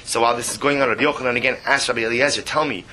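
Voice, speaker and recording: Bright-voiced lively male teacher. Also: medium pitch, rapid-fire, slight background noise. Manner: lively, repeats phrases, emphatic asides. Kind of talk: text study lecture, reading and translating aloud.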